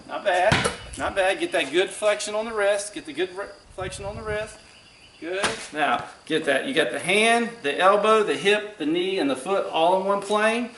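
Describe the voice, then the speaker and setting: Outdoors, a parks and recreation director coaches basketball drills, giving quick, encouraging cues. His voice is high-pitched, and there is background noise.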